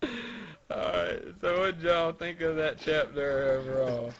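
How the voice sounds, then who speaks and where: A man co-hosting a podcast in casual chat, playful and quick to laugh. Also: a little high, vocal fry, lo-fi sound, a crowd in the background. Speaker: podcast co-host.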